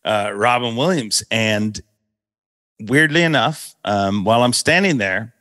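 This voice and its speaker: Man, middle-aged, podcast host, animated storytelling, dry recording. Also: on the low side, a little slow, dry recording. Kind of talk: casual storytelling chat.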